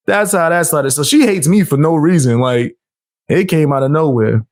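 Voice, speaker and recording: A man hosting a casual interview with a slightly high-pitched voice. He is brash and self-assured. He swears freely as he talks. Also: a little fast. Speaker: host.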